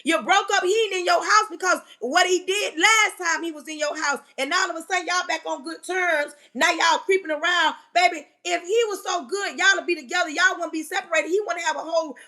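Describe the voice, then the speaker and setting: Woman, high voice, blunt livestream advice, preachy and scolding. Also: fairly even intonation, fairly quick, few pauses, pushed and bright. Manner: preachy, scolding, streetwise talk to her viewers. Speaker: livestream host.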